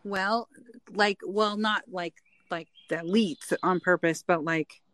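A woman's voice: fairly low pitch, steady tone, slow pace, a bit bright, no echo. Chatty woman in her forties, dry sound. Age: 40s. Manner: chatty, acts out quoted dialogue. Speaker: guest. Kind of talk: casual chat.

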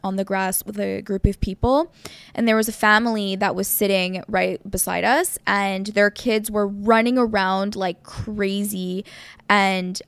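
Young podcast cohost girl, animated stories, medium pitch, dry sound. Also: clean tone, no echo. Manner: animated storyteller, frequent "like". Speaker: podcast co-host. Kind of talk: casual chat.

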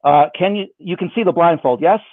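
A man's voice: fairly high pitch, fairly quick, dry recording. A man performing magic for someone over a video call, with playful, self-mocking patter. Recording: dry, phone-like band.

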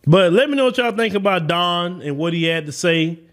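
A man's voice: sits high, expressive, a little fast. A man with a Southern US accent hosting an opinion podcast, talking in a preachy, emphatic, lecturing way. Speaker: podcast host.

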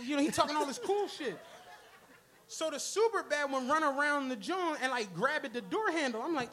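A man tells a comic story on a club stage, laughing often as he acts out everyone's lines. His voice sits very high for a man and sounds bright and forceful, and his delivery is slangy and animated. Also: fairly quick. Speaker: podcast host. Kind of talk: comic storytelling at a live show.

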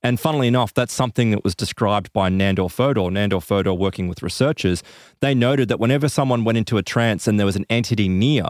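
A man's voice: lowish voice, fast, no room sound. Man telling a story in a dry room. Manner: animated retelling with frequent fillers and asides. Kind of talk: casual storytelling chat.

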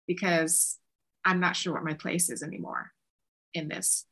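A woman's voice: lowish voice, measured pace, gravelly, slightly rough. A woman guest on an interview, chatting casually and acting out remembered conversations with many "like"s. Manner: animated, acts out quoted exchanges with lots of "like". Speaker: songwriter and producer guest.

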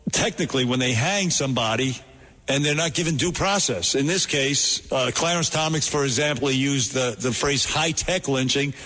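A man with a New York accent hosting talk radio, talking through commentary in a rambling, halting way with many restarts. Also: fairly high pitch, a bit bright, in a large hall.

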